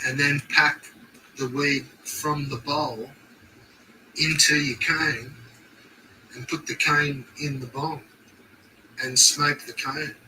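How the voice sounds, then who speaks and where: A man's voice: fairly high pitch, sharp tone, far from the mic, a little hiss or hum, poor audio. A young Australian man chatting casually on a stream, laid-back and swearing constantly in slang.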